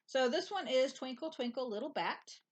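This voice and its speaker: Woman chatting and teasing, kinda high voice, bit of hiss. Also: moderate pace. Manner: relaxed, teasing, rambling. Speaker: host. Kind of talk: casual chat.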